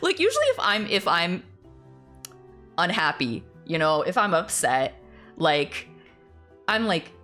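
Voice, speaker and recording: A woman's voice: lowish voice, sing-song, measured pace, long pauses, bright, forceful tone, faint music behind. A woman streamer chatting casually, ranting animatedly, laughing often and swearing freely.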